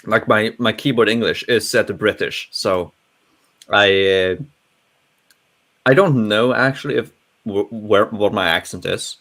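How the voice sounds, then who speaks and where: A young man from Norway with a Norwegian accent, English his second language, rambling and animated with many restarts in a casual panel discussion. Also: fairly low pitch, a little slow, pauses often.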